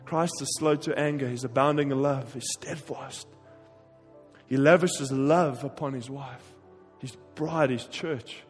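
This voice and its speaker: A man's voice: mid-range voice, unhurried, soft background music. Impassioned male preacher in a big hall. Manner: impassioned, swings between emphatic and hushed. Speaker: pastor. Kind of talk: sermon.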